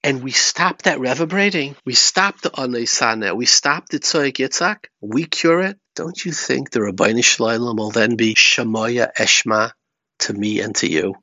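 A man's voice: medium pitch, moderate pace, bright, forceful tone, dry recording. A man giving a Torah talk, telling stories and weaving in Yiddish and Hebrew terms. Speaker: rabbi. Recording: dry, slightly muffled recording.

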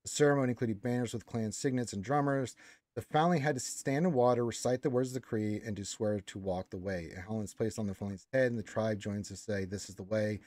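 A man's voice: fairly low pitch, quick pace, darkish tone, no echo. A man hosting a casual fan discussion, explaining lore at length with restarts and notes read aloud.

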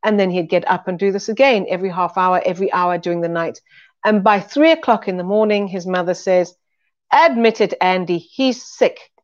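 In a recorded weekly Bible teaching with dull audio, a woman speaks fairly quickly in a fairly low voice. Her manner is earnest and conversational, and she retells stories to drive her point home.

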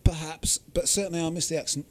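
A man's voice: a little high, fairly even intonation, fast, background noise. A man in his sixties from Yorkshire, a guest telling anecdotes in casual chat with a dry, self-mocking manner. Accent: none, trained out at stage school. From Yorkshire, England. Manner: dry, self-mocking storyteller who acts out other voices.

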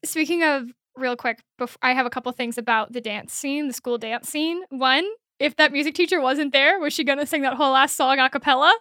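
A woman's voice: high voice, brisk, hardly any pauses, pushed and bright, no echo, studio quality. A woman from the Midwest co-hosting a podcast, chatting casually about a movie with plenty of likes and ums and acted-out quotes. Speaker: podcast co-host.

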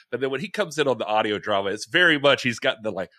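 A man co-hosts a casual film podcast, talking animatedly and laughing easily. His voice is bright and lively, swinging widely in pitch, and the recording is dry and close. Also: fast talker, no echo. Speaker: podcast co-host.

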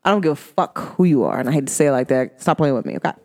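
A woman's voice: low voice, very fast, noisy background. A woman who reads energy and makes candles, talking bluntly and with animation in a casual podcast monologue. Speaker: spiritual reader and candle maker.

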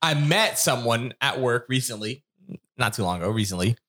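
Lively, bright-voiced man telling a story. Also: medium pitch, moderate pace. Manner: animated storyteller who acts out quoted voices, laughs often. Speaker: podcast co-host. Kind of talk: casual chat, storytelling.

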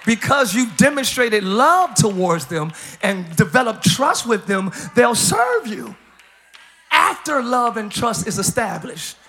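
A man preaching a live church sermon as pastor, joking with the congregation, hyped up and breaking into shouts and laughs. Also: very high voice, very animated, slow, a little hiss or hum. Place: church service.

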